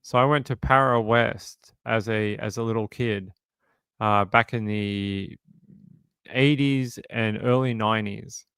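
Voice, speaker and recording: A man's voice: fairly low pitch, steady tone, takes it slowly, fairly bright tone, clear, resonant tone, dry recording. A man in his forties with an Australian accent, chatting casually with viewers on a livestream, joking and repeating himself. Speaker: livestream host. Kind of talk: casual live-stream chat answering viewers.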